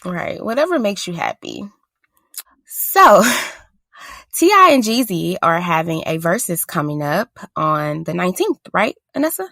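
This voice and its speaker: A woman's voice: fairly low pitch, big pitch swings, a little slow, gravelly, a bit bright, no echo. A woman co-hosting a podcast in casual chat, blunt and sarcastic, often laughing as she talks. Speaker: podcast co-host.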